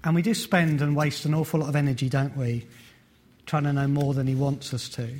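A man's voice: a little high, level tone, fairly quick, darkish tone. A man preaching a sermon, conversational in tone and asking the congregation rhetorical questions.

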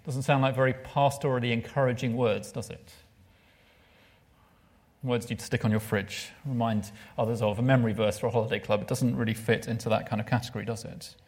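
A man's voice: mid-range voice, a little fast, husky. Man preaching a sermon. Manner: expressive, drops to a hushed voice for emphasis; asks the listeners rhetorical questions.

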